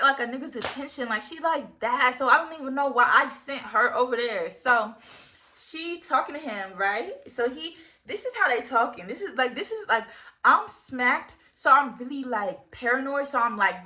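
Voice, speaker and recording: A young woman in her twenties spins a casual storytime with a lot of energy and plenty of slang. Her voice sits fairly high and sounds crisp and bright, and she breaks into laughter often. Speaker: vlogger.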